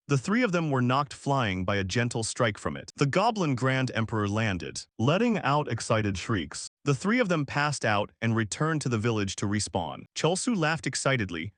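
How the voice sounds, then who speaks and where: A man's voice: medium pitch, very animated, normal speed, few pauses, fairly bright tone, dry recording, clean studio sound. A man narrating a comic story recap in a scripted, storytelling way.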